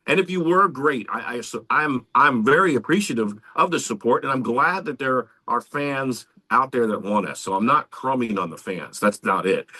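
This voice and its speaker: Man, bright forceful voice, casual podcast chat, swears freely, lively. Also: medium pitch, husky. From Central Florida, US. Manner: animated, swearing, lively storytelling. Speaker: podcast co-host, band member.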